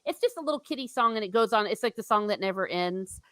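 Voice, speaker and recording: A woman's voice: medium pitch, animated, fast talker, a bit bright, no echo. A woman from Ireland hosting a casual book discussion stream, chatting in a rambling way and reading out viewer comments. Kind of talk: casual livestream chat.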